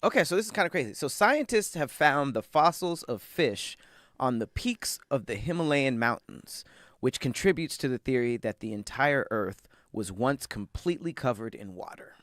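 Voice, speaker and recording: A man's voice: medium pitch, animated, normal speed, fairly bright tone, no room sound, studio quality. A man co-hosting a casual podcast, chatting loosely and reading facts aloud between jokes. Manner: laid-back, reads facts aloud between banter. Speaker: podcast co-host. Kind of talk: casual chat.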